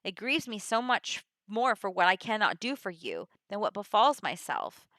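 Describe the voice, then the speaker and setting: A woman's voice: medium pitch, very animated, normal speed, fairly bright tone, no echo, studio quality. A woman reading the verse lines of a loyal, distraught male sea captain in a plain voice with little acting. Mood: pleading.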